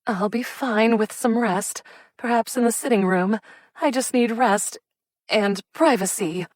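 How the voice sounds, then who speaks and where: A woman's voice: fairly high pitch, unhurried, darkish tone, no echo, studio quality, pitched above the performer's own voice, natural voice. A woman voicing a sardonic, theatrical young female amateur detective in an audiobook. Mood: arch. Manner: arch and sardonic, with put-on fainting.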